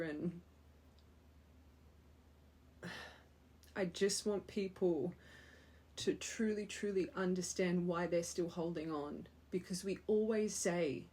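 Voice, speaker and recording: A woman's voice: mid-range voice, a little mellow, husky. A young woman giving a spiritual tarot reading to her viewers, earnest and emotional, often repeating phrases for emphasis. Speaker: tarot reader.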